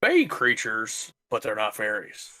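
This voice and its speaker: A married man co-hosting a casual podcast, speaking bluntly and deadpan, often trailing off mid-sentence. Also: on the low side, measured pace. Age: adult, married. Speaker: podcast co-host.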